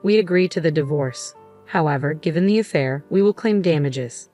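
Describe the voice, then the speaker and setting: A woman narrating a story plays a composed male lawyer who speaks calmly and evenly. Her low voice carries the part with little change, and soft music runs underneath. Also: moderate pace. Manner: calm, even.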